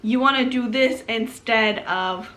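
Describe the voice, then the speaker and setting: Hoarse woman giving relationship advice. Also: a little high, unhurried, a bit bright. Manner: explanatory, chatty with fillers. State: hoarse from a chest cold. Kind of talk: casual advice talk to camera.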